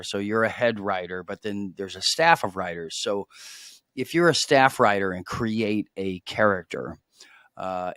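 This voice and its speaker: A man co-hosting a recap podcast, explaining things at length in a relaxed, joking chat. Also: on the low side, dry recording, studio quality. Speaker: podcast co-host. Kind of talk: casual chat.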